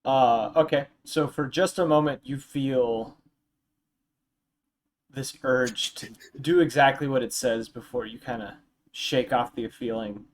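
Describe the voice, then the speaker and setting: Slow, hesitant man running a tabletop game. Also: mid-range voice. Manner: hesitant, many ums and uhs. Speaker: dungeon master.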